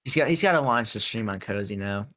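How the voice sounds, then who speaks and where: A man's voice: fairly low pitch, lively intonation, fast, bright, forceful tone. A young man on a podcast, talking in a rambling, casual way with lots of filler words and swearing. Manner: rambling, filler-heavy and profane. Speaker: podcast co-host.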